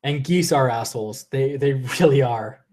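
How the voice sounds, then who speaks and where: Speaking at a normal pace with a medium pitch and darkish tone, a young streamer reads chat comments aloud in casual conversation. His talk meanders with frequent restarts and laughter, and he's clearly losing his voice.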